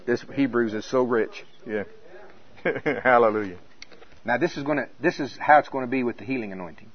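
An older man preaching a sermon in an animated way, breaking into high, laughing exclamations. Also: fairly quick, husky. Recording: dull lo-fi sound.

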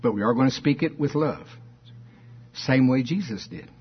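A man preaching a sermon, reading scripture slowly with dramatic stress and firing off rhetorical questions. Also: medium pitch, husky, lo-fi sound. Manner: fervent, rising to emphatic exclamations and rhetorical questions.

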